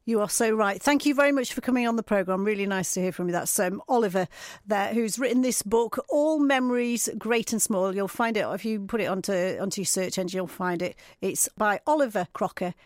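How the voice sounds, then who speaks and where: A woman's voice: mid-range voice, fairly quick, no echo, studio quality. Friendly woman radio presenter. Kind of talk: radio interview.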